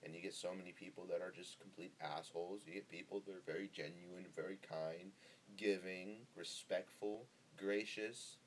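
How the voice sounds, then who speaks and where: A young man from Northern California rambles through a solo podcast, laid-back and swearing freely, his voice sitting on the low side. He talks right into a close microphone, with a faint hiss running under the recording. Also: fairly even intonation, normal speed. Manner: rambling, profane and laid-back, with lots of fillers. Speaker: podcast host. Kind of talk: casual solo podcast monologue.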